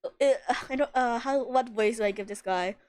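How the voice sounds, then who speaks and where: A young woman streaming a video game live, chatting casually. She is excitable, greets viewers, and swears now and then. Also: on the high side, moderate pace. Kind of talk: casual livestream commentary.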